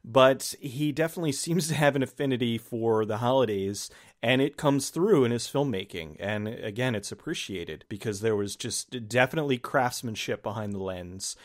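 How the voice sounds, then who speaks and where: A man's voice: medium pitch, moderate pace, few pauses. A man hosting a casual movie review chat, rambling and acting out his own reactions as he talks. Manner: rambling, restarts phrases, acts out reactions. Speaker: host of a movie review channel.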